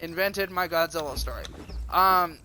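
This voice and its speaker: A streamer telling a crude, rambling, self-mocking comic story. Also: male voice, a little high, moderate pace, bright, forceful tone, a little hiss or hum.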